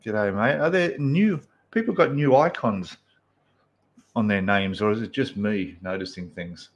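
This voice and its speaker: A man's voice: on the low side, animated, measured pace, dull audio. A man with an Australian accent hosting a casual live stream, chatting and greeting viewers one by one.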